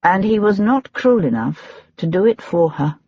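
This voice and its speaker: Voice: medium pitch, lively intonation, normal speed, husky, no echo. An audiobook narrator reading a period mystery in scripted narration. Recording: dull lo-fi audiobook recording.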